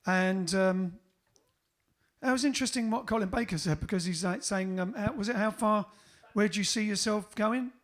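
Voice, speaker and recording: Chatty high-voiced man, Cockney-Essex accent. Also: normal speed. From England. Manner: chatty, rambling with many fillers. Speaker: band frontman hosting a livestream. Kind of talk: casual chat.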